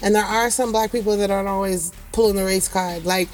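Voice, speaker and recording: A woman's voice: mid-range voice, steady tone, a little fast, slight background noise. A woman, chatting brashly on a podcast, swearing freely and acting out voices. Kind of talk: casual profane chat.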